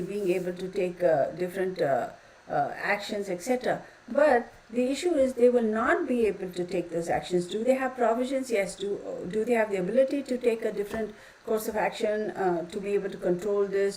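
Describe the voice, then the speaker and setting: A woman's voice: medium pitch, dark tone, poor audio. A woman, reading tarot cards on her channel and ranting her opinions in a blunt, profane, heated way. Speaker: tarot reader.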